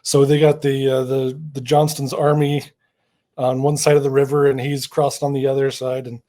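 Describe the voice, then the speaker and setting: A man's voice: medium pitch, flat delivery, moderate pace, mellow. A man from Idaho, a guest in a casual interview, telling history stories in an easygoing, jokey way. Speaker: guest, Mormon history storyteller.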